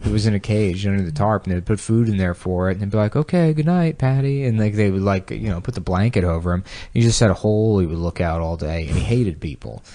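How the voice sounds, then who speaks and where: A man's voice: sits low, steady tone, fast, few pauses, mellow. A sleep-deprived man co-hosting a podcast, telling rambling anecdotes with crude jokes in casual chat. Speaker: podcast co-host.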